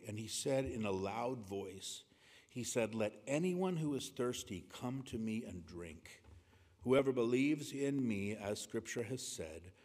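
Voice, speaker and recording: A man's voice: mid-range voice, darkish tone. A male pastor preaching a morning sermon in an earnest manner, reading scripture aloud and speaking to his congregation. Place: church sanctuary. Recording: long reverb of a large hall.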